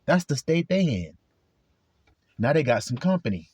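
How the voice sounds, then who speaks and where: A man's voice: fairly high pitch, very animated, normal speed, a little mellow, slightly rough, no echo. A man preaching a sermon to his flock in a blunt, profane way, acting out quarrels in other people's voices.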